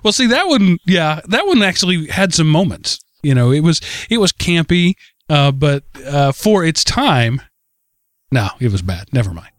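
A man with a fairly high voice, recorded close and dry. He hosts a casual podcast and talks in an animated, easy way, laughing often. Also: moderate pace, no room sound. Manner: laughs often, animated, reads listener email aloud. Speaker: podcast host.

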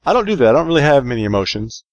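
A man's voice: mid-range voice, racing, no room sound. A man co-hosting a podcast, chatting casually and joking, with a lot of fillers. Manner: relaxed, joking, rambling with fillers. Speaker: podcast co-host.

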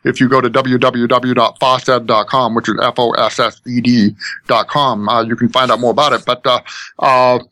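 A man's voice: mid-range voice, fairly even intonation, normal speed, bright, forceful tone, no echo. A man in his fifties from Maine, a guest on a podcast, talking earnestly with many hesitations. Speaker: guest, school technology director. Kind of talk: podcast interview.

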